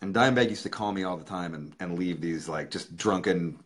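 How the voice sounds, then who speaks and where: A man's voice: sits low, brisk. A man hosting his own livestream, telling an emotional story in a casual, profane way. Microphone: webcam or phone.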